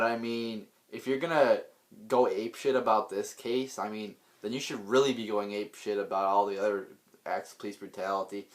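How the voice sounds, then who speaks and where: A man delivering an unscripted political rant, blunt and profane, rambling with many restarts and repeated words. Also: lowish voice. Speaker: political vlogger.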